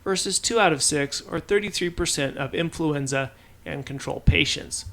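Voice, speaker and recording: A man's voice: a little high, normal speed, vocal fry, a bit bright. A man reading medical research news for a podcast, often stumbling and restarting on technical terms. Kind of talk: reading science news script.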